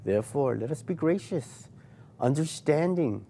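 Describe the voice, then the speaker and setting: A man's voice: on the high side, lively intonation, a little slow, vocal fry, dark tone. A middle-aged man giving a sermon, preaching with swooping rises and falls. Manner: preachy, swooping rise and fall.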